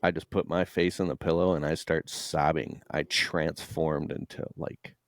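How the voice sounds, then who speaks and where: A man's voice: extremely low pitch, little pitch movement, moderate pace, no room sound, studio quality. A man in his late thirties, a guest entrepreneur, telling candid, emotional personal stories in conversation, swearing freely. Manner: raw, emotional, swears freely, mimics voices.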